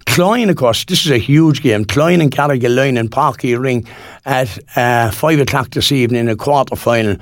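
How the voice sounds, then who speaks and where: A man's voice: medium pitch, moderate pace, no room sound, clean studio sound. A Cork Irish man in his sixties presenting local radio in a rambling, folksy chat full of fillers and restarts. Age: 60s.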